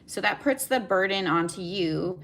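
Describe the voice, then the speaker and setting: A woman's voice: mid-range voice, lively intonation, moderate pace, gravelly, a bit bright, slight background noise. A young woman giving a collective tarot reading, talking in a meandering way with many fillers. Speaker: tarot reader.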